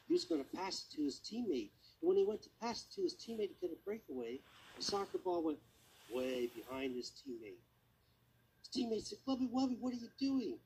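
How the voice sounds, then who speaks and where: Husky man telling a children's sermon. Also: mid-range voice, rough recording. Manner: animated, asks listeners questions.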